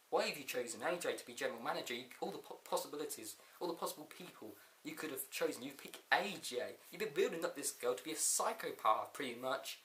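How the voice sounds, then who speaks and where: A man's voice: fairly high pitch, lively intonation, quick pace, few pauses, sharp tone, roomy sound, a little hiss or hum. A man casually reviewing a wrestling show, laughing often and rambling through a recap with quoted lines.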